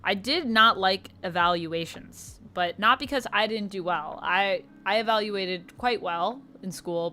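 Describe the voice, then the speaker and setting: A young Canadian woman streaming casually, reading viewer comments aloud and answering them warmly. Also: lowish voice, slight background noise. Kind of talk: casual livestream chat.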